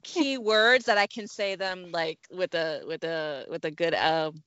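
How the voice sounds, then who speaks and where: A woman's voice: on the low side, unhurried, a bit bright, smooth, no echo, highs cut off. A woman from New Jersey co-hosting a podcast, chatting casually with frequent laughs and easy swearing. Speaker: podcast co-host. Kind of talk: casual chat.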